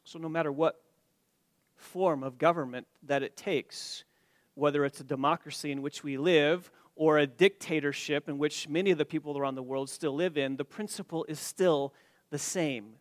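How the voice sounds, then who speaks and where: A man preaching an expository sermon to his church, stressing key words loudly and then dropping his voice low, with some stammering restarts. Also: fairly even intonation, normal speed, dry recording, studio quality. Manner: emphatic, rising to loud stresses then dropping quiet. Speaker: pastor.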